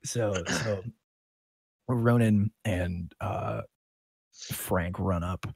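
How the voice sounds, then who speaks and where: A man running a tabletop game as game master, narrating in a relaxed, rambling way with many fillers. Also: sits low, very slow, husky, no echo.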